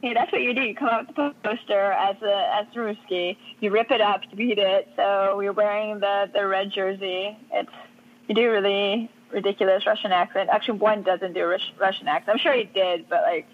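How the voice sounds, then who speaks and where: A woman's voice: mid-range voice, steady tone, a little fast, phone-quality sound. A woman guest on a podcast, chatting casually with lots of fillers. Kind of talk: casual chat.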